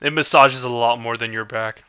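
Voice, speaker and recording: A young man trades crude jokes on a casual podcast. His voice is very bright and sharp at a middle pitch. He ribs his co-host with mocking questions. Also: steady tone, normal speed, clean tone, highs cut off.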